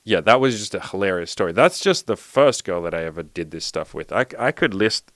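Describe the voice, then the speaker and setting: Animated and a little fast, this young man speaks in a low, slightly bright voice captured in a dry recording. As a dating and self-improvement coach, he tells a story casually, rambling and leaning hard on "like" as filler.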